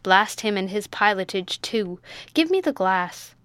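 A woman's voice: mid-range voice, lively intonation, measured pace, fairly bright tone, smooth, no room sound. A woman reading an audiobook, voicing a bossy middle-aged male sea captain who barks orders. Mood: gruff. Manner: barking orders, blustering.

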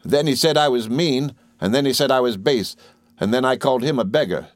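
A man's voice: mid-range voice, a little fast, no echo, pitched above the performer's own voice, lightly acted. A man voicing a proud, bold older schoolboy who speaks defiantly and with scorn.

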